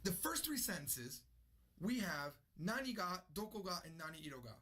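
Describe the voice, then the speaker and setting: A man's voice: high-pitched, very animated, moderate pace, pushed and bright. A man teaching a casual online lesson with energy, repeating example sentences aloud. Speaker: language teacher.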